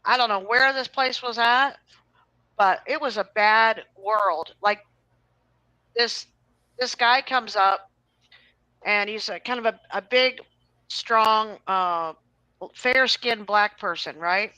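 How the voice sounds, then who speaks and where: A woman hosting a casual chat, telling a long rambling story in an animated way. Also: on the high side, slow pace, long pauses, clean tone, no echo, rough recording. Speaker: host.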